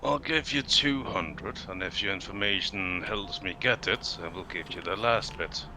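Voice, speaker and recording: A man's voice: low-pitched, moderate pace, background noise. A man playing in a tabletop game, talking in a blunt, terse way. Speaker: player. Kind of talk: casual tabletop play.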